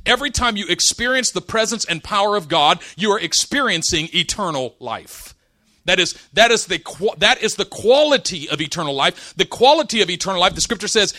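High-voiced preacher guy, bright tone, lots of laughs and funny stories. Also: a little fast. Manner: animated storytelling, laughs often. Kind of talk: sermon with personal stories.

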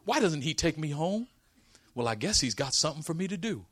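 A man's voice: a little high, very animated, fairly quick, a bit bright, breathy edge, no room sound, pitched below the performer's own voice, exaggerated voice. A man putting on a tired very old aunt. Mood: weary. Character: very old great-aunt, weary and longing for death.

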